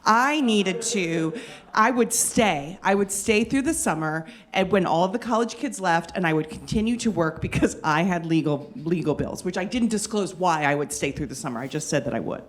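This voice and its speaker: A woman telling a funny personal story in an animated, self-mocking way. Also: lowish voice, brisk, hardly any pauses. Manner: animated, self-mocking, lots of fillers and restarts.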